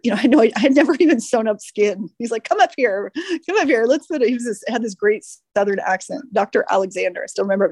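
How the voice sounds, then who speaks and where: A woman's voice: medium pitch, dry recording, studio quality. A woman in her forties, an orthopedic surgeon, telling stories as a podcast guest with frequent laughter. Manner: lively storyteller, laughs often. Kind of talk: podcast interview.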